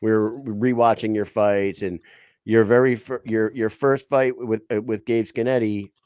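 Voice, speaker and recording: Co-host, male, low and dry, loose and swearing. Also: fairly even intonation, a little mellow, clean tone, dry recording. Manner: loose, swearing, drawn-out phrasing. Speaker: podcast co-host. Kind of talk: casual interview.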